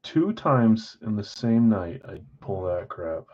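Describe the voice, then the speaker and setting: A man hosting a live card break stream chats casually with viewers, poking fun at his own mistakes in a self-deprecating way. His voice sits on the low side with a darkish tone and big pitch swings, and he takes it slowly. The stream audio is slightly dull and lo-fi.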